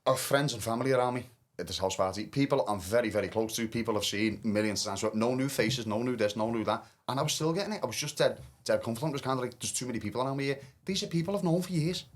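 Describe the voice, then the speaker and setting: A man's voice: medium pitch, fast. A man telling a personal story in a candid podcast conversation, earnest and emotional, often restarting his sentences.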